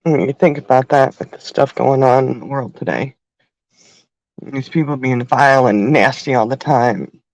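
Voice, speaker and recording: A middle-aged woman hosting a livestream, talking in a halting, heartfelt way and crying at times. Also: a bass voice, steady tone, a little mellow, no echo, highs cut off. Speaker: livestream host. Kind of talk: emotional livestream talk.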